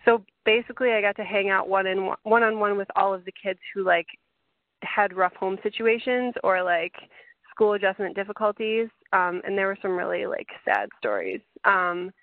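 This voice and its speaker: A woman who is a teacher chats on a podcast, giggly and upbeat. Her voice has some vocal fry. The sound is dry and thin, like a phone call. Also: medium pitch, steady tone, moderate pace, no echo. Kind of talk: casual chat.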